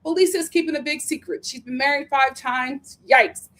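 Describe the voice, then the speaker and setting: Woman host, sassy recap chatter, bit high-pitched, laughs through it. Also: normal speed. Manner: sassy, animated, laughs often. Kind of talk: casual recap chat.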